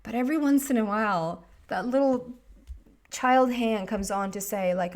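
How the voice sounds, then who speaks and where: A woman in her thirties talks through a tarot reading in a loose, rambling way. Her voice sits a little high, and she gets emotional and laughs often as she goes. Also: normal speed, darkish tone. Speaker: tarot reader. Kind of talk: casual tarot reading monologue.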